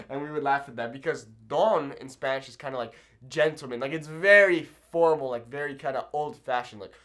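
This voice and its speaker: A man's voice: mid-range voice, fairly quick, hardly any pauses, fairly bright tone. A man teaching a Spanish lesson at a whiteboard, explaining patiently and checking in with "okay?" after each point. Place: room with a whiteboard.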